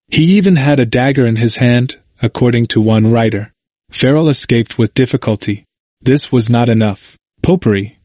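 A man reading a church history aloud in a measured audiobook narration, lifting his voice for quoted shouts. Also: no room sound. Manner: measured, raising pitch for quoted cries.

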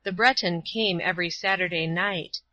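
A woman narrating a story in a measured, even storytelling voice. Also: fairly low pitch, no room sound. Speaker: audiobook narrator. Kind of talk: scripted narration. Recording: dull lo-fi recording.

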